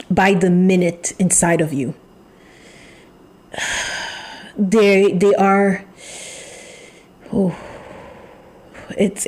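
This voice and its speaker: A woman giving a channeled tarot reading, talking in an emphatic, repetitive way with pauses and sighs. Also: medium pitch, warm tone. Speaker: tarot reader.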